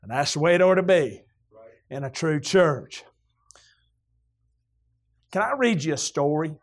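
Folksy Southern preacher, high and shouting. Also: male voice, a little slow. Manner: folksy, animated, breaks into shouts when excited. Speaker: pastor. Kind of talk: sermon.

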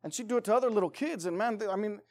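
A man preaching a sermon as pastor, emphatic, swinging between loud urging and quiet pleading. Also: high voice, rapid-fire.

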